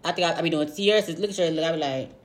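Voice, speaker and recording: A woman co-hosting a casual podcast, loud and playful, swearing freely and slipping into mock voices. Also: sits low, rapid-fire. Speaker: podcast co-host. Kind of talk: casual chat.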